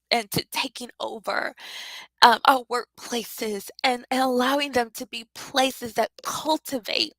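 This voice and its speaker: A woman teaches spiritual leadership with heartfelt, preacherly emphasis, repeating key phrases. Her voice is bright and sits a little high. The recording is dry and close. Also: dry recording, poor audio. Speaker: leadership coach.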